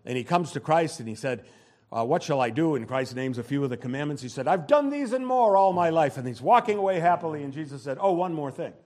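A man preaching a sermon, swinging between loud, rising exhortation and low, quiet asides. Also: expressive, fast talker.

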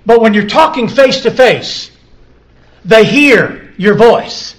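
A man preaching with a voice a little higher than most. He repeats scripture lines for weight, sinking to soft, slow phrases before climbing to loud, high-pitched emphasis. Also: animated. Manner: builds from quiet, drawn-out lines to loud, high emphatic peaks. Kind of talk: sermon.

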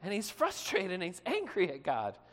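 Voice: mid-range voice, wildly swooping pitch, moderate pace. Conversational preacher in a reverberant hall. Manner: conversational preaching, asks the listeners questions. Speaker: pastor. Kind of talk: sermon.

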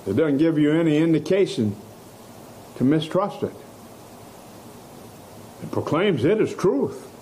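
A man preaching a sermon, slow and emphatic, stressing key words and letting out short laughs. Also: on the high side, very animated, dark tone, slight background noise.

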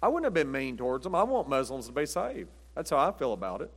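A man's voice: mid-range voice, very animated, quick pace. A middle-aged man preaching a Baptist sermon in a folksy, emphatic way, with punchy short lines.

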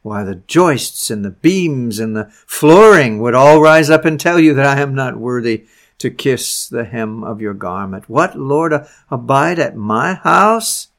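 A man's voice: medium pitch, animated, measured pace, a bit bright. A man voicing an ashamed sinner who protests in disbelief, speaking in astonished, self-reproaching exclamations.

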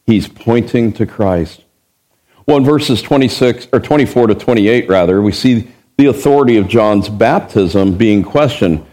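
A man's voice: on the low side, moderate pace, darkish tone. A man preaching an expository Bible sermon as pastor. He is emphatic, asks the listeners rhetorical questions and acts out the verses he quotes.

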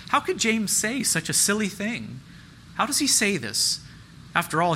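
Earnest preaching man, very bright voice. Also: sits high, a little hiss or hum, poor audio. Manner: earnest, rising emphatic preaching with repeated phrases. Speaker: pastor. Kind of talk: sermon.

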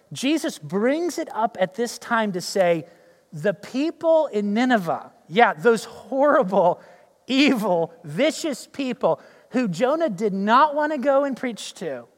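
A male pastor preaching a sermon, telling the story in a lively way and acting out the characters' lines. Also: high-pitched, big-room sound.

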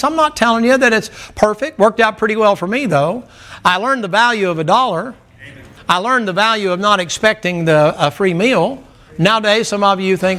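A man's voice: high-pitched, a little fast. A man, preaching a sermon in a folksy, joking manner. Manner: folksy, animated preaching with jokes. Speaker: pastor.

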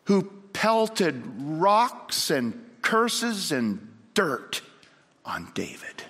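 A man preaching a sermon, telling a story dramatically and swinging from loud to hushed. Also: a little high, wildly swooping pitch, extremely slow, husky. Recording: long hall reverb.

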